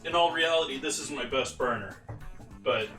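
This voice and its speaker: A man's voice: medium pitch, moderate pace, sharp tone, soft background music. A man hosting a live cooking stream, chatting loosely with viewers while he works. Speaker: cooking livestream host. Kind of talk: casual live cooking chat.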